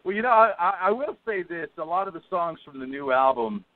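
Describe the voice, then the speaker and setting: A man's voice: a little high, a little fast. A man, a band singer being interviewed, telling stories in a casual chat and acting out what people said. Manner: animated storyteller acting out quotes. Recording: tinny phone line.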